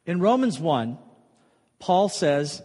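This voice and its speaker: A man preaching a sermon as pastor, emphatic, often repeating a key phrase more quietly. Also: on the high side, big pitch swings, slow pace, long reverb tail.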